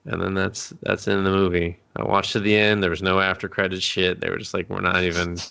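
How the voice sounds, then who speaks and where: A man from Canada co-hosting a casual movie review chat, sarcastic and profane, slipping into quick mock voices for the characters. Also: low voice, little pitch movement, creaky, fairly bright tone, clean tone. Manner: sarcastic, swearing, acts out characters in quick asides. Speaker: podcast co-host.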